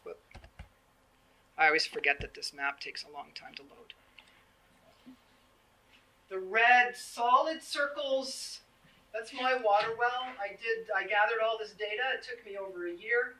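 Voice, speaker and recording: A woman's voice: mid-range voice, expressive, a little slow, long pauses, pushed and bright, low-quality recording. A woman in her fifties giving a public presentation, earnest and plain-spoken, acting out the conversations she retells. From Canada. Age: 50s. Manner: earnest, plain-spoken, acts out quoted exchanges.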